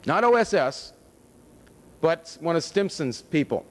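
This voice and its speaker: A fairly high-voiced American man speaks at a conference with a casual, sardonic delivery and pointed rhetorical questions. His voice rings with the long reverb of a large hall. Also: very animated, unhurried. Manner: conversational and sardonic, with wry asides and rhetorical questions. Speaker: conference lecturer. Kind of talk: public lecture with slides.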